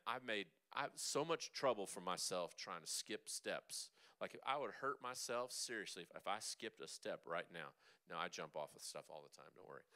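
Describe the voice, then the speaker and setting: A man teaching a vocal seminar as a coach, lively and chatty, demonstrating sounds with his own voice. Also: on the low side, clean tone. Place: church hall.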